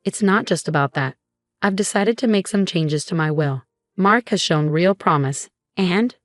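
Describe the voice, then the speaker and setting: A woman's voice: lowish voice, expressive, normal speed, no room sound, close to an everyday voice. Cold, slurring drunk father, read by a woman narrator; dry close sound. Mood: calm. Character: drunk scornful middle-aged father.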